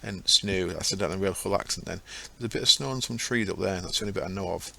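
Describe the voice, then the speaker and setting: A man's voice: deep voice, racing, creaky, fairly bright tone. Chatty man narrating gameplay. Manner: chatty, rambling, self-correcting. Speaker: gaming channel host. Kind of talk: casual gameplay commentary.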